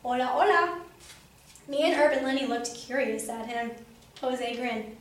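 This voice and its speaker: A woman reading a children's storybook aloud in a lively, playful way, recorded far from the mic in an echoey room. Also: on the high side, moderate pace. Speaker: storybook reader. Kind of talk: children's book read-aloud. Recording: roomy, distant mic, faint hum.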